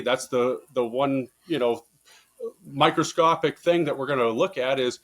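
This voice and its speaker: A man, a baseball coach, talking through coaching stories in a casual interview, getting louder and higher when he presses a point and swearing casually. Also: measured pace. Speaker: baseball coach, podcast guest. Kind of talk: casual conversational storytelling.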